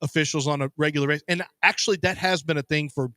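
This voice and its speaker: Male sports radio host, argumentative, bright forceful tone, dry close studio mic. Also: on the high side, fairly even intonation, racing, clear, resonant tone, dry recording. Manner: argumentative, pushes back. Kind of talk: sports talk radio debate. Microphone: studio microphone.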